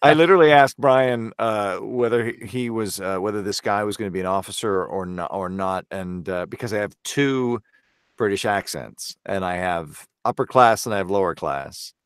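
In a casual podcast interview, a Canadian voice actor speaks earnestly and with self-criticism. His voice sits fairly low and moves at a moderate pace, with a clean tone. The studio sound is clean, with no room noise.

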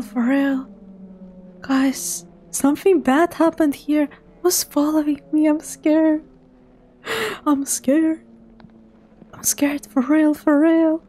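A woman's voice: sits high, fairly even intonation, slow pace, long pauses, a little mellow, slight background noise. A woman streamer giving live commentary on a horror game, talking to her chat and dropping to a whisper when she gets scared.

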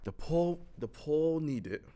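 A man, a guest on a casual podcast, jokey and excitable, talking over the others. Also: fairly high pitch, measured pace, no echo, studio quality.

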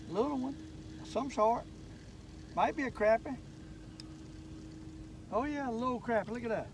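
Older man, fishing vlog host; folksy, excitable, high-pitched, recorded on a lake with boat noise, mic at a distance. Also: a little slow, long pauses. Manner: folksy, excitable, talks straight to viewers. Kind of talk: casual fishing vlog narration.

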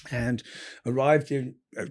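A middle-aged man from England telling stories in a casual interview, profane and animated. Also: mid-range voice, unhurried. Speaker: interview guest.

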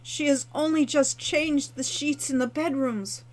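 A woman's voice: sits high, steady tone, unhurried, voice pushed up. A woman voicing a polite, fussy male cat-like innkeeper creature who speaks formally and courteously. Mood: dismayed.

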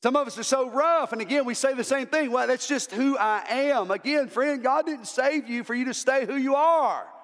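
A man's voice: extremely high pitch, a little fast, hardly any pauses, fairly bright tone, in a large hall. A male pastor preaching an impassioned sermon, repeating words as he builds to emphatic calls. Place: church sanctuary.

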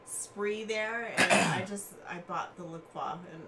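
A woman co-hosting a live stream, chatting casually and giggling with quick asides. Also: medium pitch, recorded from a distance, a crowd in the background. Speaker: co-host.

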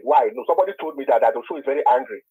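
A man's voice: medium pitch, racing, husky. A male caller who speaks hesitantly and repeats words, heard over a phone line.

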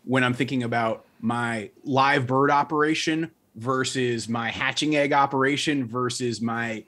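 A man's voice: medium pitch, steady tone, a little slow, a bit bright. A man speaking as a guest in a casual panel discussion, explaining his costs thoughtfully with frequent restarts. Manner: thoughtful, restarts often, business-minded. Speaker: guest defending ducks.

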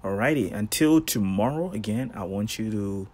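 Casting: man, husky voice, relaxed devotional preacher, lively storyteller. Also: on the low side, moderate pace. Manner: animated storytelling, slangy asides, laughs. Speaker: devotional host. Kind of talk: casual devotional sermon.

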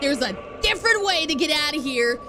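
A woman's voice: sits high, lively intonation, fairly quick. A woman streamer talking chattily and expressively to her chat while she plays a game, swinging from gushing to grumbling. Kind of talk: live game streaming commentary. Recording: game music playing behind.

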